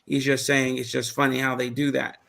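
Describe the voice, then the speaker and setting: A man's voice: medium pitch, little pitch movement, brisk, gravelly, a bit bright. A man on a casual panel chat, telling a rambling story and losing track of names.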